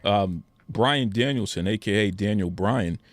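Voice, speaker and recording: Low-voiced man hosting an interview. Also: unhurried, dry recording. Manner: eager, prompting questions. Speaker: podcast host. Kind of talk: podcast interview.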